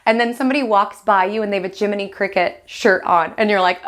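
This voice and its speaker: A woman hosting a weekly astrology forecast, telling an animated story and acting out the listener's inner voice in quick quoted asides. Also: mid-range voice. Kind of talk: casual astrology forecast monologue.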